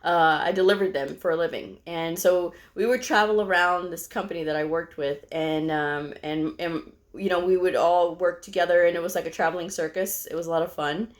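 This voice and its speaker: A middle-aged woman from Texas speaks to her viewers in a casual, meandering storytelling style. Her voice sits slightly low, and she fills her sentences with "you know" and small fillers. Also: fairly even intonation, a little fast, few pauses. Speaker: medical coder vlogger.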